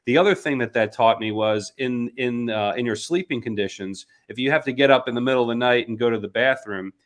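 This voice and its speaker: Man explaining in a measured way. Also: mid-range voice. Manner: explanatory, measured, with frequent ums. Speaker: interview host. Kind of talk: conversational interview.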